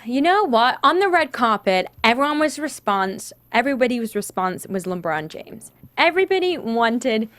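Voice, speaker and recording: A woman's voice: a little high, normal speed, hardly any pauses, dry recording. A woman from northern England with a Northern English accent, co-hosting a casual sports chat and telling stories with frequent laughter. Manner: giggly, animated storyteller. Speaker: co-host.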